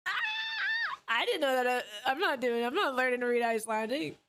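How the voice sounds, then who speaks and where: A woman in her late twenties streams while reacting to old clips, speaking in a high voice a little fast, with slight background noise. She chats casually, laughs often, swears freely and breaks into loud, excited outbursts.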